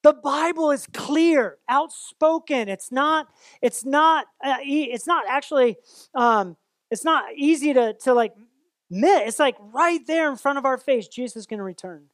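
Male pastor, high voice, relaxed conversational sermon, mimics voices for effect, dry close recording. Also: a little slow, dry recording. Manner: casual, conversational preaching with playful asides; acts out quoted voices with exaggerated tones.

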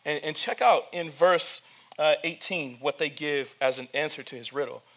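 A pastor preaching, retelling the story with humor and speaking directly to the church. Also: male voice, a little high, moderate pace, a bit bright. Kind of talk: sermon.

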